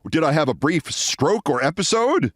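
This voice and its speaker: A genial old-fashioned producer with a folksy, jovial greeting, pitched higher than the speaker's own voice, as a storyteller puts him on. The sound is dry and close. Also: male voice, sing-song, normal speed, no room sound. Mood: puzzled.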